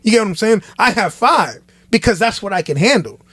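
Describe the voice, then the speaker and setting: A man with a fairly high voice chats on a podcast as a guest pastor. He talks in an animated, sermon-like way, looping back and restarting phrases as he builds his point. The sound is close and dry, with no room echo. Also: a little fast, breathy edge. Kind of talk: casual podcast chat.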